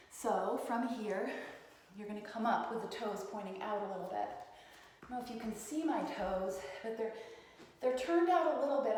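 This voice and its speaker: A woman teaching a yoga class, giving calm, encouraging cues and often asking "right?", a little out of breath as she demonstrates the poses. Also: on the high side, slight background noise. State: slightly out of breath while demonstrating. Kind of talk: guided yoga class instruction. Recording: echoey hall, voice from far off.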